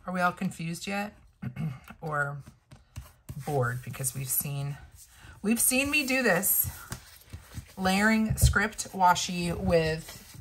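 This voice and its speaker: A woman's voice: on the low side, lively intonation, takes it slowly, long pauses, a bit bright, a little hiss or hum, low-quality recording. A woman chatting casually to viewers while doing a planner crafting tutorial, thinking aloud as she works. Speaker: planner and sticker vlogger.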